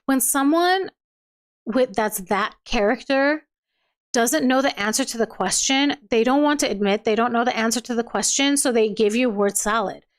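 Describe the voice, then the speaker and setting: High-voiced woman chatting on a livestream. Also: moderate pace. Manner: chatty, laughs often, trails off and restarts. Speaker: livestream host reading viewer comments. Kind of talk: casual chat.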